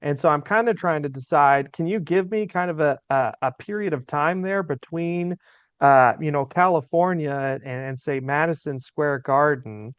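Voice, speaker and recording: A man's voice: on the high side, moderate pace, clean tone, dry recording. A man hosting a podcast, asking long, winding, curious questions in a casual way. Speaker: podcast host. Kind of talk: casual interview. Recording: dull lo-fi audio.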